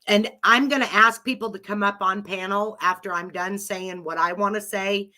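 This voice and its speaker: Casting note: bright, forceful middle-aged woman with a cold, rambling live host. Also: medium pitch, normal speed, few pauses. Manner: rambling, chatty, laughs often. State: has a cold. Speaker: live audio room host. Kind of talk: casual chat with listeners.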